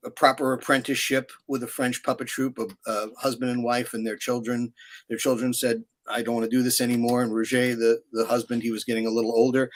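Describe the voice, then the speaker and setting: Guy in his 60s chatting away about his work, lots of uhs and restarts, animated storyteller. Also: medium pitch. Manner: rambling, animated storyteller with many fillers. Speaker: puppeteer guest. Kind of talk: casual interview chat.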